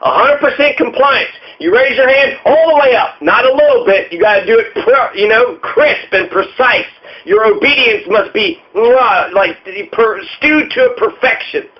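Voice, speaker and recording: Male host, very high pitch, furious profane rant, muffled lo-fi sound. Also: moderate pace. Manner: furious, swearing, repetitive. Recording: muffled lo-fi audio.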